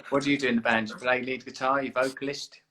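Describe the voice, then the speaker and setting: A man hosting a live video chat, teasing and then warmly encouraging a young caller. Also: mid-range voice, flat delivery, fast talker, slight background noise. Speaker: host of an Instagram live chat. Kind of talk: casual live-stream chat.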